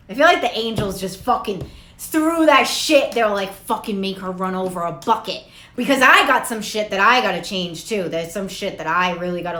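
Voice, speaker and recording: A woman gives a casual tarot reading, rambling through stories with lots of swearing and laughter. Her voice is bright and forward. It sounds echoey, as if recorded in a bare room. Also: medium pitch. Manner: profane, laughing, rambling storyteller. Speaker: tarot reader.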